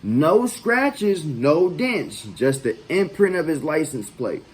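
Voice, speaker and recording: A man's voice: fairly high pitch, big pitch swings, takes it slowly, low-quality recording. Man swearing freely as he tells a story. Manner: profane, loose and conversational. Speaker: vlog host. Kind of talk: casual storytelling.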